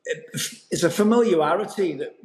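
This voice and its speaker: A Scottish man, an actor, telling a story in a casual interview, lively and full of restarts. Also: high-pitched, moderate pace. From Scotland. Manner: animated storyteller, many restarts. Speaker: actor guest. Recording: roomy echo.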